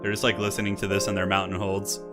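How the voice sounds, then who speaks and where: A fairly low, monotone male voice moving at a quick pace. He hosts and casts a game tournament stream, giving casual live commentary that's chatty, rambling, and full of laughter, with faint classical music in the background.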